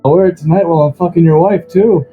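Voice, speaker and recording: A man voicing a brash undead knight in armor in a tabletop game, delivering smug, deadpan insults. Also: a little high, fast talker, breathy edge, phone-quality sound, faint music behind.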